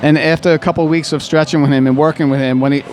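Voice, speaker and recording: A man's voice: a little high, steady tone, rapid-fire. A man who works as a physical therapist, talking in a casual interview and telling stories about patients with many restarts and fillers. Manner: rambling, warm storytelling with frequent restarts and fillers. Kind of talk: conversational interview.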